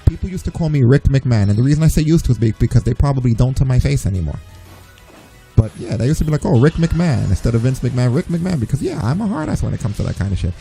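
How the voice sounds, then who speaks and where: A man's voice: mid-range voice, very animated, quick pace, gravelly, warm tone, soft background music, poor audio. A man with a New York accent, a streamer talking bluntly and profanely in a casual gaming chat, often mocking people in put-on voices. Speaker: streamer and co-host.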